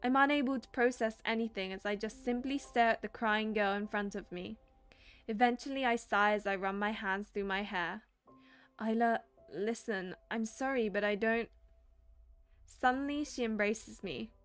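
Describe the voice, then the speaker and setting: A young woman streaming herself, reading a romance visual novel aloud and chatting excitedly between lines. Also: medium pitch, normal speed, clear, resonant tone, soft background music. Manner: excitable, laughing asides.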